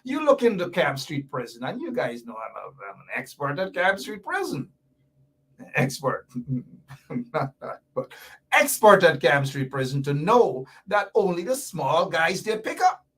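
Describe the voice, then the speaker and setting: A man's voice: on the high side, sing-song, unhurried, fairly bright tone, husky, distant mic. A man hosting a commentary show, talking emphatically, repeating his points and throwing in sarcastic asides. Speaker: host. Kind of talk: animated political commentary show.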